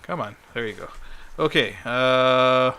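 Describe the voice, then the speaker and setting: A man running a tabletop game as dungeon master, halting and full of "uh"s as he checks the rules. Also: mid-range voice, bright, forceful tone, clean tone. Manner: halting, fills pauses with "uh", laughs along.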